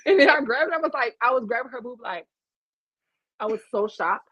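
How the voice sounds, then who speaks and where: A woman's voice: fairly high pitch, a little fast, slightly rough, no room sound. A woman with a Louisiana accent telling a story on a video call, acting out the dialogue. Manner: animated, acts out quoted dialogue. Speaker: interview guest. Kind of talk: casual storytelling. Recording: dull lo-fi video call audio.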